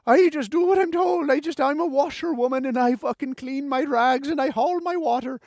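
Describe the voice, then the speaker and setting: A man voicing a meek Irish washerwoman, a slave mother, in a high, plaintive, resigned voice with an Irish accent. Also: moderate pace, a little mellow, no room sound, clean studio sound.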